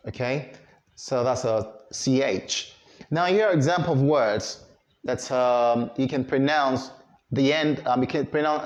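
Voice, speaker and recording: Guy teaching english pronunciation, talks really slow, says each sound twice, lots of uhs and restarts. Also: medium pitch. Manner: slow, repeats sounds and words for learners to echo; frequent fillers and self-corrections. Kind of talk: pronunciation lesson.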